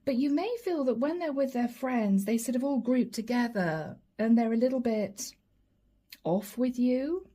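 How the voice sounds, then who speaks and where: A woman's voice: a little high, measured pace. A woman giving a chatty tarot reading to camera, slipping into quoted voices. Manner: lively, chatty, often acts out quoted voices and asides. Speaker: tarot reader.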